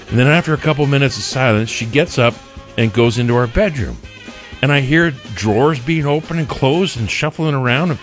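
A man hosting a morning radio show, telling a wry personal story in a casual, animated way. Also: mid-range voice.

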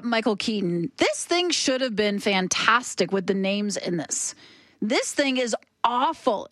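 A woman co-hosting a radio show, chatting casually in a lively, opinionated, quick way, often laughing. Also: on the high side, no room sound. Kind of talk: casual chat on air. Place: radio studio. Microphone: studio microphone.

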